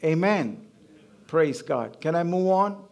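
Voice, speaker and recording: A man's voice: on the high side, expressive, takes it slowly, gravelly, darkish tone. A man preaching a sermon, emphatic and repetitive, drawing call-and-response from the congregation.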